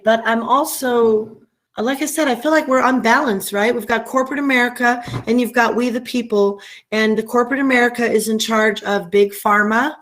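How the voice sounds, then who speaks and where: A middle-aged woman hosting a casual livestream, impassioned and often repeating herself, her stream sometimes choppy. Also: a little high. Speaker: livestream host. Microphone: internet stream with choppy audio.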